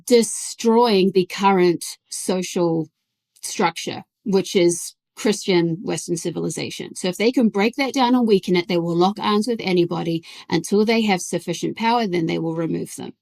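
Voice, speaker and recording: A woman's voice: on the low side, moderate pace, gravelly, darkish tone. Emphatic woman guest explaining her point. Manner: emphatic, corrective. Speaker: guest author. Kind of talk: explaining in an interview.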